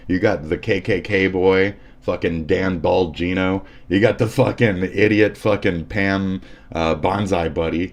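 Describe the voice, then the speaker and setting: Deep-voiced man ranting profanely on stream. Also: a little mellow. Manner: sarcastic, profane and combative. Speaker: livestream host.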